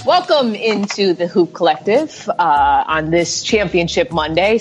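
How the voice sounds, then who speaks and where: A woman's voice: lowish voice, lively intonation, faint music behind, poor audio. A woman podcast host with a Chicago accent, running a casual, teasing chat and stretching out her words. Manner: playful, teasing, drawn-out words.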